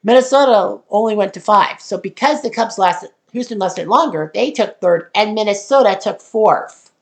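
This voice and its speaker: Gravelly, rambling woman host thinking aloud. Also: mid-range voice, moderate pace. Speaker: channel host. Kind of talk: casual walkthrough of a simulated sports tournament.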